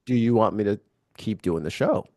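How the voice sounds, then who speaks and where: A man's voice: lowish voice, animated, normal speed, darkish tone. An American man hosting a live online chat show, blunt and profane, joking as he talks. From United States. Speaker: host.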